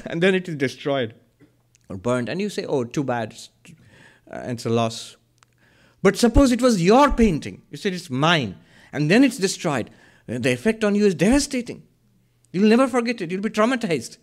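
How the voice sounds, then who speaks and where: Earnest man, lecturing. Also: high-pitched. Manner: earnest, lively, asks and answers his own questions. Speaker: Vedanta teacher. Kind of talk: spiritual discourse.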